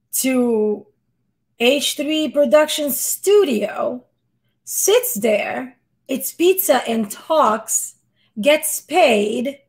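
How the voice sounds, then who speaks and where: A woman with a squeaky voice doing casual live reaction commentary, exasperated and rambling, often restarting her sentences. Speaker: reaction streamer.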